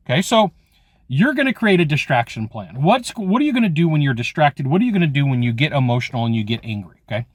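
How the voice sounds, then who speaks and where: A man's voice: medium pitch, no echo, clean studio sound. A man in his forties giving a casual, rambling motivational talk about sales, full of "like" and "okay". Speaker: sales trainer.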